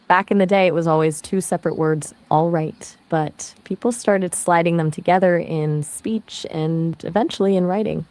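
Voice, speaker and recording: A woman's voice: on the low side, animated, normal speed, hardly any pauses, warm tone, no room sound. A synthetic woman's voice answering questions as a conversation partner, in a breezy, chatty explaining manner.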